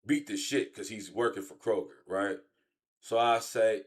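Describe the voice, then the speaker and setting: Profane rambling man in his late thirties. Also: normal speed. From Chicago. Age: late 30s. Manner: profane, rambling, swings from low mutter to loud shouts. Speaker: streamer. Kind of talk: casual streamed storytelling rant.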